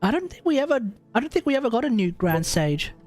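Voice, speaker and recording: A man's voice: very high-pitched, sing-song, quick pace. Aussie guy streaming a game, jokey and rambly, game music underneath. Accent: Australian. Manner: chatty, joking, restarts often. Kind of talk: casual gameplay commentary.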